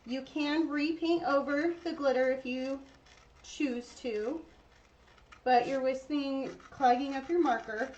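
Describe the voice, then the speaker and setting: A woman's voice: high-pitched, steady tone, slow pace, darkish tone. A woman hosting a casual painting tutorial, chatting to her viewers while she works. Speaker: craft tutorial host. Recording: dull lo-fi sound with faint noise.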